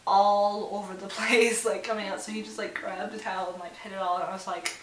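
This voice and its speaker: A woman's voice: medium pitch, fairly even intonation, fairly quick, fairly bright tone. A young woman telling a story to camera in casual, rambling vlog style, full of fillers and swearing. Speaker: vlogger. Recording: roomy sound with faint hiss.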